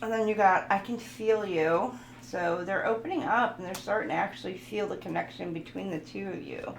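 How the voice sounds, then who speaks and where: Goofy tarot reader lady, gravelly voice, echoey room, cards shuffling in back. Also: medium pitch, moderate pace. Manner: playful and goofy, reading card messages aloud. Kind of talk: casual tarot card reading. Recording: roomy echo, faint background noise.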